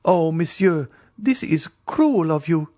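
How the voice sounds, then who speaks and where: A man reading an audiobook voices an emotional young woman in a high, pleading voice. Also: moderate pace, no room sound, clean studio sound. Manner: excited, pleading.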